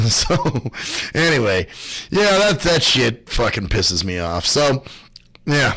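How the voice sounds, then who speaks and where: A man hosting his own radio show delivers a loose, rambling monologue packed with swearing and complaints. He speaks slowly but swings his pitch lively as he rants, and the recording is rough.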